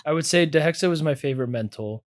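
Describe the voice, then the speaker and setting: A man in casual podcast conversation, relaxed and anecdotal, often laughing. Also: fairly high pitch, fast, no room sound, clean studio sound.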